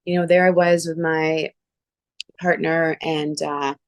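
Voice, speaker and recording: A woman from Canada hosting a casual chat, telling personal stories in an animated way and acting out the voices of people she quotes. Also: low-pitched, slow, dry recording, studio quality. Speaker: show host.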